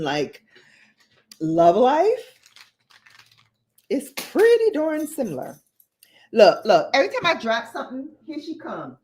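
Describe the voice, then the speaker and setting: A woman hosting a relaxed livestream, chatting. She speaks slowly, and her pitch swings widely as she plays around. She repeats lines for emphasis and often breaks into laughter. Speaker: beauty livestream host. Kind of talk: casual livestream chat with viewers.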